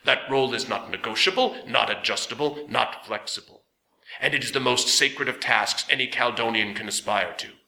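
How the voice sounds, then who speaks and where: A man voicing a stern, gravelly council elder in an audiobook, slow and measured. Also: mid-range voice, pushed and bright, echoey room, a little hiss or hum, low-quality recording. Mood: judging. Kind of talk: audiobook character voice.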